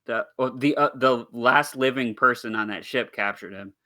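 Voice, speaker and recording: A man co-hosting a casual podcast, recapping events with a sprinkling of filler words. His voice is bright and crisp, recorded close and dry with no room sound. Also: mid-range voice, normal speed, no echo. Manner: summarizing plot with filler words. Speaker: podcast co-host. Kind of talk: casual chat, recapping episodes.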